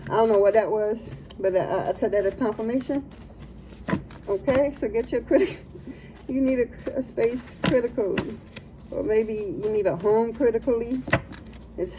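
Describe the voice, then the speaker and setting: A woman's voice: a little high, mellow, a little hiss or hum, low-quality recording. Laughing, slangy woman tarot reader. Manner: laughs often, slangy and playful. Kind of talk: casual tarot reading.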